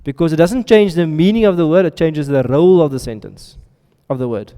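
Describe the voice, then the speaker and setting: A man's voice: a little high, fairly quick, warm tone, clear, resonant tone. A man teaching a classroom lesson, often stopping to ask his students questions and check they are following. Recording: reverberant hall sound.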